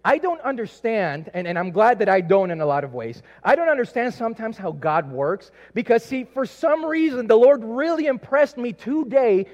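A man's voice: sits high, big pitch swings, moderate pace, hardly any pauses. A man from South America preaching a sermon, telling a personal story in a loose, conversational way with many asides. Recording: echoey hall, dull lo-fi sound.

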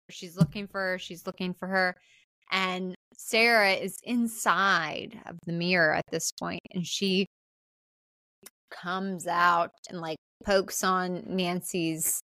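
A woman co-hosting a podcast, casually recapping a film in an animated way, full of "like" and casual swearing. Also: lowish voice, no room sound. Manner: animated, swearing, filler-heavy "like". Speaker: podcast co-host.

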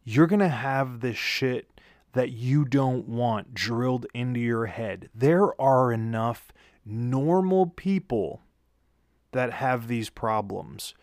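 A man's voice: medium pitch, takes it slowly, darkish tone, dry recording, clean studio sound. A tired man after work, telling a rambling, profane story into a handheld mic with a pop filter, often correcting himself. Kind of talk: casual storytelling monologue. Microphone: handheld studio mic with pop filter.

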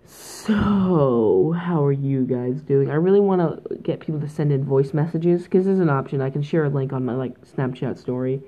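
A woman's voice: rumbling low, brisk, few pauses, warm tone. Teen Canadian girl with a tinny, phone-like mic. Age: teens. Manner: goofy, rambling, mock-dramatic. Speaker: podcast host. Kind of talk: solo podcast chat.

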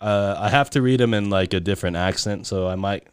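A man's voice: on the low side, brisk, a little hiss or hum. A man co-hosting a casual podcast, joking around and running a lyrics-guessing game. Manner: laughing, joking, reads lyrics in silly voices. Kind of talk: casual chat.

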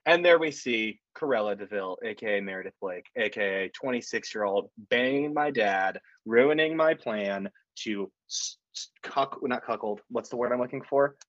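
A man's voice: fairly low pitch, animated, normal speed, few pauses, fairly bright tone, no echo. A man co-hosting a podcast, chatting casually in a rambling, profane, jokey way. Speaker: podcast co-host. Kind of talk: casual chat. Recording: dull lo-fi podcast audio.

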